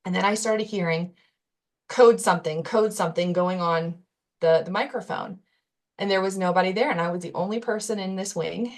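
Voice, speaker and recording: A woman's voice: fairly low pitch, fairly quick. A young adult woman, a podcast guest, telling a personal story in an earnest, candid way with casual fillers and restarts.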